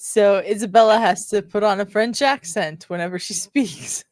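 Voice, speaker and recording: A woman co-hosting a podcast, giving measured, wry commentary on a sitcom in casual chat, with light laughs. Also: mid-range voice, a little mellow, no echo. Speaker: podcast co-host.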